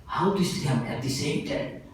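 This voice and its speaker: A monk giving a sermon, telling a story in a lively, animated way and often breaking into laughter. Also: male voice, fairly high pitch, unhurried, slight background noise. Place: festival hall. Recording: very echoey hall, voice from far off.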